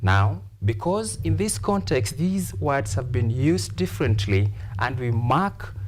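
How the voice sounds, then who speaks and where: Slow, lively-pitched male teacher. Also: a little hiss or hum. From Kenya. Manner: deliberate explaining with repeated examples and frequent "uh" fillers. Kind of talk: televised classroom lesson.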